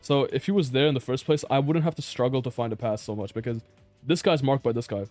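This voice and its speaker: Male player doing a blunt, frustrated review of his own match, mid-pitched voice with soft music underneath. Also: quick pace, dry recording. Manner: blunt, exasperated, swears and laughs in disbelief. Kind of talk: casual gameplay review commentary.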